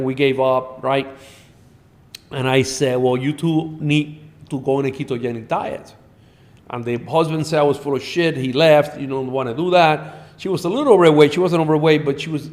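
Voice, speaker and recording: A middle-aged man, a doctor guest on a podcast, telling animated patient stories in a blunt, profane way. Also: a little high. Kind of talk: storytelling in a podcast interview.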